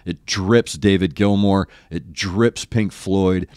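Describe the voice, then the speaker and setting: Brief: older male reaction-video host, former rock radio DJ, low-ish voice, close dry sound, gushing and earnest with stop-start phrasing. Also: fairly even intonation, a little mellow, no echo. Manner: effusive and earnest, halting with repeated restarts. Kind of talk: reacting to a live concert video.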